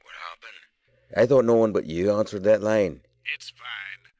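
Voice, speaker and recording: A man's voice: lowish voice, measured pace, a little mellow, natural voice. A man playing a terse Irish caller. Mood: hushed eager. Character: secretive man calling long distance. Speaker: mysterious caller on the phone.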